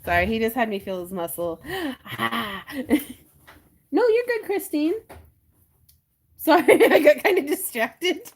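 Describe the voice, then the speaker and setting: Giggly high-voiced craft host. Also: female voice, lively intonation, takes it slowly, pauses often, slightly rough. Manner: giggly, chatty, reads viewer comments aloud. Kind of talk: casual livestream chat.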